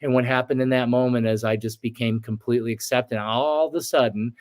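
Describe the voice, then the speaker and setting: Man in his forties, interview guest; earnest, reflective storyteller, mid-pitched, reenacts moments. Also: steady tone, a little fast, darkish tone. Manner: earnest, reflective, acts out his own past outbursts. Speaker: shaman guest.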